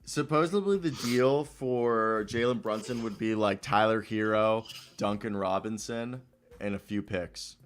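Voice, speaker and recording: A man's voice: fairly low pitch, unhurried, clean tone. Young man telling rambling profane stories. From Minnesota. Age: young adult. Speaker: co-host. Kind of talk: casual chat.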